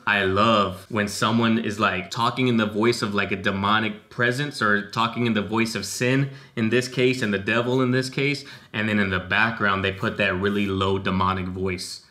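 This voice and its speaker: A man giving casual, profane, animated commentary as he reacts to a rap song. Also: lowish voice, moderate pace, hardly any pauses. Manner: animated and profane, talks in a street slang register. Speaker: music reaction YouTuber.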